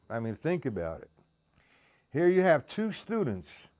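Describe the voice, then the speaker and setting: Teaching drums over a live stream, a man counts triplets out loud and chats casually with viewers by name. His voice sits at an ordinary middle pitch, and drums sound around him as he plays.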